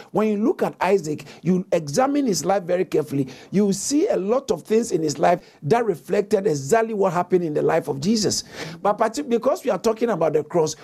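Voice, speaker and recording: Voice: mid-range voice, a little mellow. Preacher, sermon, emphatic, repeats phrases, reads scripture, calls for responses. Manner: reads scripture aloud with frequent self-corrections.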